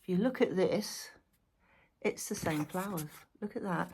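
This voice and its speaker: A woman's voice: lowish voice, measured pace, a little mellow, a little hiss or hum. A woman giving a casual weekly tarot reading to camera, thinking aloud and chatting animatedly as she goes through the cards. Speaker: tarot reader.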